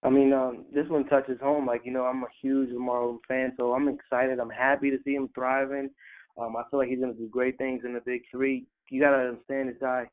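A man co-hosts a sports radio chat in a relaxed, earnest way, full of fillers. His voice sits at an average pitch and sounds tinny and narrow, as if over a phone line. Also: fairly quick. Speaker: radio co-host.

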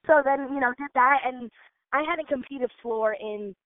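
A woman's voice: high voice, normal speed, no echo. A young woman in her twenties, a gymnast and dancer, chatting casually as an interview guest with lots of fillers. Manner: bubbly, chatty, many fillers. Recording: tinny phone-like line, dry.

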